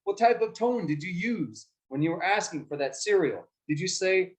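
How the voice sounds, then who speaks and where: A man teaching a class of children how debate works, with a slightly high voice. He keeps asking his students questions and acts out short examples as he explains. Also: animated, moderate pace, poor audio.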